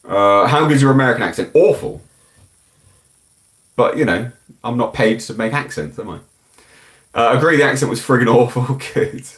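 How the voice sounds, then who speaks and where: A man's voice: mid-range voice, a little fast, long pauses. A British man hosting a live stream, chatting casually and bluntly as he answers viewer comments in a rambling, frank way. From United Kingdom.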